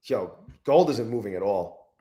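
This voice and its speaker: A man's voice: lowish voice, animated, a little slow, dark tone. A young man hosting a live trading stream, chatting loosely and profanely while he greets viewers from the chat by name. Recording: echoey room.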